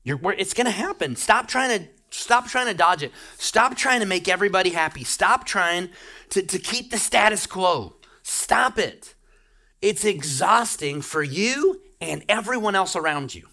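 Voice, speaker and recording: A middle-aged man preaches a sermon with urgent, emphatic exhortation. His voice is bright and forceful, pressing each point home as a pastor. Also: high voice, lively intonation, a little slow.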